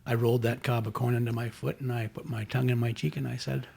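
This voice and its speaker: A man from Canada hosting a podcast, telling an anecdote in an unhurried, casual way. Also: medium pitch, flat delivery, vocal fry, darkish tone, husky. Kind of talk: casual chat.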